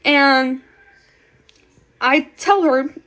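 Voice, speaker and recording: A woman's voice: sits high, very slow, a bit bright. A woman telling a personal story in a casual storytime monologue, blunt and slangy, swearing freely. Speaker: storytime creator.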